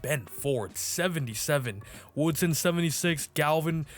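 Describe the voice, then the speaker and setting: A young man casually commenting on his own video game play, excitable and slangy, swinging between hype and groaning. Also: on the high side, measured pace, soft background music. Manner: slangy, says bro. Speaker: gaming YouTuber.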